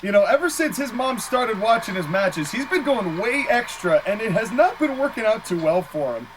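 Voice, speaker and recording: A man calling a match play-by-play in casual style, excitable, laughing easily and exclaiming at big moves. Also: sits high, moderate pace, background noise. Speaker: play-by-play commentator.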